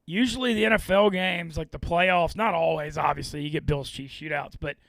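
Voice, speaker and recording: A man co-hosting a casual sports betting podcast, confidently pitching his picks. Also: fairly even intonation, a little fast, creaky, fairly bright tone, dry recording. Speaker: co-host.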